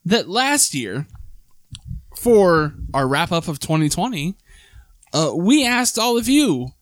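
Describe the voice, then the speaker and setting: A man's voice: high-pitched, very animated, slow pace, dry recording. A young man hosting a casual podcast, joking and rambling, laughing often between lines. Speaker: podcast host.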